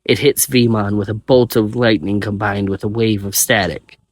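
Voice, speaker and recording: Man, low-ish voice, plain steady first-person story narration. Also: normal speed, no echo.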